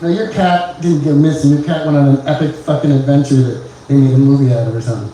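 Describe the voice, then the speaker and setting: A man doing a live stand-up set on a small comedy club stage, talking haltingly with lots of "uh" fillers and restarts. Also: medium pitch, fairly even intonation, warm tone, a little hiss or hum. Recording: echoey club from far off.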